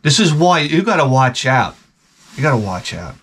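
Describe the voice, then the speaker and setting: A man's voice: medium pitch, big pitch swings, normal speed, fairly bright tone, a little hiss or hum. A man vlogging in a rambling, profane monologue, swearing often and breaking into mouth sound effects. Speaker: retro gaming vlogger.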